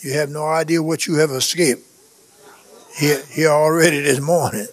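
A man's voice: fairly high pitch, fairly even intonation, normal speed. A man preaching a charismatic sermon, fervent and exhorting, repeating phrases and breaking into tongues and chuckles.

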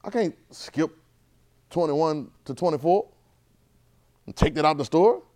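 A man's voice: on the high side, a little slow, a little mellow. A man, preaching a sermon and drawing responses from the congregation. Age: 30s. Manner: call-and-response with the congregation, conversational and emphatic.

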